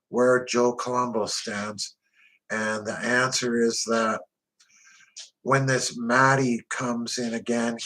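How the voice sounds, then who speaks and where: A man's voice: medium pitch, a bit bright, low-quality recording. A man narrating a first-person crime memoir in a blunt, profane, tough-guy way.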